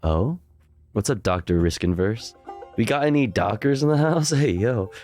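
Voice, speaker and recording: A man's voice: lowish voice, expressive, moderate pace, a little mellow, faint music behind. A man hosting a livestream, casually chatting and joking as he greets viewers by name one after another. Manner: playful, jokey, greets chat members one by one. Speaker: livestream host.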